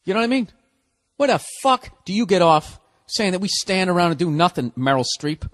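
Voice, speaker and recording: A man rants in an exasperated, profanity-laced comic monologue, firing off rhetorical questions. His voice sits a little higher than most men's. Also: very animated, fairly quick, fairly bright tone, no room sound, studio quality. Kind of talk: profane comedic rant.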